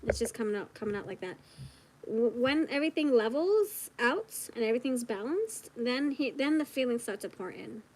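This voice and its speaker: A woman giving a casual tarot reading straight to the viewer, chatty and giggly, thinking out loud as she goes. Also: fairly high pitch, animated, normal speed, slight background noise, low-quality recording. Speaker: tarot reader.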